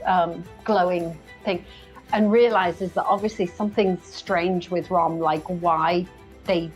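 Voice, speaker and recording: A woman's voice: fairly low pitch, steady tone, takes it slowly, soft background music, rough recording. A woman playing a tabletop game, loosely describing her character's actions with many likes and ums. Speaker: player. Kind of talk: narrating own character's actions.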